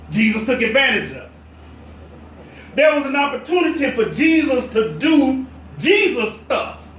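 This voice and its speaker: A man preaching a sermon as pastor, telling a story with animated delivery. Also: very high-pitched. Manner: animated storyteller, drops to a hush for quoted whispers. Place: church sanctuary. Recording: echoey church from a distance, faint noise.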